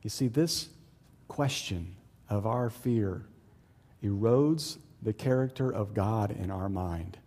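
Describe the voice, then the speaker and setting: A man preaching a sermon as pastor, talking to the congregation in a conversational way and swinging between loud, excited storytelling and low, hushed emphasis. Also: takes it slowly, long reverb tail. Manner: conversational, with fillers and asides to the congregation.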